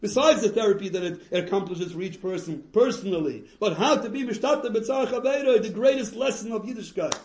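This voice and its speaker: Animated rabbi storyteller, slightly high voice. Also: male voice, a little fast, hardly any pauses, reverberant. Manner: animated storyteller, Yiddish and Hebrew phrases. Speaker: rabbi giving encouragement to parents. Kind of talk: Yiddish-laced storytelling talk.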